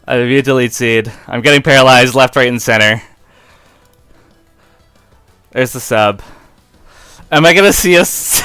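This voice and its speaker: A man giving live gameplay commentary in an excitable way, often breaking into helpless laughter, on a close, dry mic. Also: mid-range voice, normal speed, clear, resonant tone, no room sound, soft background music. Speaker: competitive game player and video creator.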